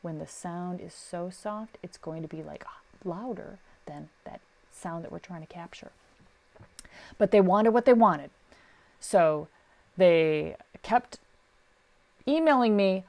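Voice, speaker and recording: A woman's voice: fairly low pitch, takes it slowly, long pauses. A middle-aged woman, a sound recordist, chatting casually on a podcast and acting out the people in her stories. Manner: animated storyteller, acts out quotes. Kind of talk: casual advice chat.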